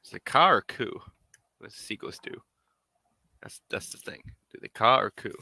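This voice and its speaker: A man's voice: fairly low pitch, expressive, moderate pace, gravelly, pushed and bright, no echo. A man making a puppet on a live stream, rambling casually and half to himself as he works. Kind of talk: casual live-stream chat while working.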